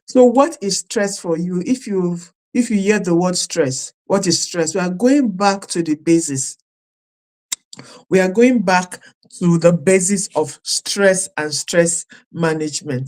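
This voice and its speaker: A woman's voice: fairly low pitch, a little mellow. A woman life coach leading a live-streamed session, who repeats her questions to viewers and stresses the words she lists. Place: streaming live at home or studio.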